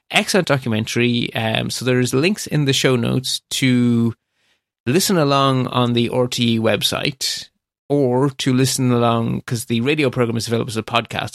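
Gravelly, chatty male podcast host. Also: mid-range voice, dry recording, studio quality. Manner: rambling, chatty, with frequent ums and asides. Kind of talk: casual solo podcast monologue.

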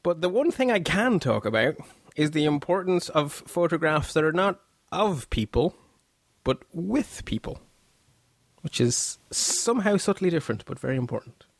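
Male podcast host with a slightly high voice. Chatty and self-deprecating, dry close-mic sound. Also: very animated, moderate pace, no echo. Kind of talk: casual podcast chat.

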